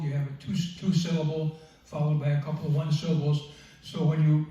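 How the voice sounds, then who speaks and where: Man, halting workshop presenter, mellow dark tone, very echoey distant room. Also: fairly high pitch, flat delivery. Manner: halting, many fillers and restarts. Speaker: writing group member presenting. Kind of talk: workshop talk on poetry. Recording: echoey room, distant mic, dull sound.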